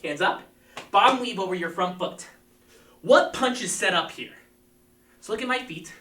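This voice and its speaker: A man's voice: sits high, expressive, normal speed, bright, forceful tone, slight background noise. A man teaching a live-streamed martial arts class, coaching energetically and calling out counts. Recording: echoey room, mic at a distance.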